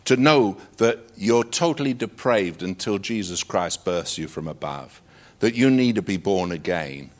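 Male pastor, emphatic and preacherly, voice swings widely in pitch; interview storytelling. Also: a bit bright. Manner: emphatic, preacherly, punchy short declarations.

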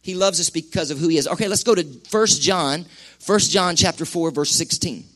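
A middle-aged man preaching a sermon to a church congregation, animated and quick with acted-out asides. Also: on the high side. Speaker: pastor. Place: church sanctuary.

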